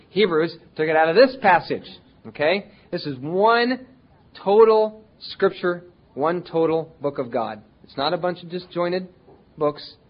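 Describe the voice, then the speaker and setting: A man's voice: sits high, highs cut off. A man preaching a sermon to his congregation, speaking conversationally and slipping into whiny voices when quoting complaining people. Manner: conversational preaching with acted-out quotes of whining people. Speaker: pastor.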